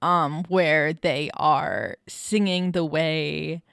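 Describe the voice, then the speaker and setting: A woman's voice: low-pitched, fairly even intonation, drawn-out words, gravelly, a bit bright, no room sound, clean studio sound. A woman co-hosting a podcast, chatting casually and poking fun at her co-host with wry remarks. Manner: wry, teasing interjections. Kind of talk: casual chat.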